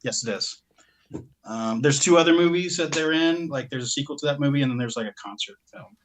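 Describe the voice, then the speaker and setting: The man co-hosting the podcast has a fairly high voice and talks a little fast about his purchases over slight background noise. His chat is casual and rambling, full of self-interruptions and laughs.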